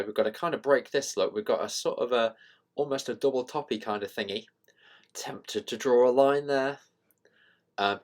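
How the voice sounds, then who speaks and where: A man casually thinking out loud about currency charts as a channel host, rambling and self-deprecating with many fillers. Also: fairly low pitch. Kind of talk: casual screen-share market commentary.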